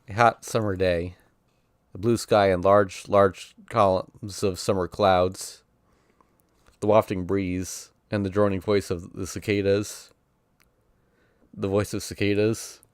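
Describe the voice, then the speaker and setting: Deep-voiced man reading a visual novel. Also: level tone, takes it slowly, pauses often, smooth, no room sound, clean studio sound. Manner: casual first-person narration that voices sound effects playfully.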